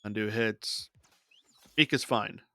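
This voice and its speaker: A man's voice: on the low side, slow pace, sharp tone, no room sound, soft background music. A man casually talking himself through a digital card game as a streamer, muttering his moves and thoughts. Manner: muttering thoughts while playing. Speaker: gaming streamer. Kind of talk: casual gameplay commentary.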